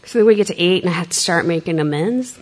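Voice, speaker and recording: A woman's voice: on the low side, fast talker, a little mellow. A middle-aged woman telling her recovery story candidly, blunt and self-mocking, swearing freely and acting out dialogue. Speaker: speaker sharing a recovery story.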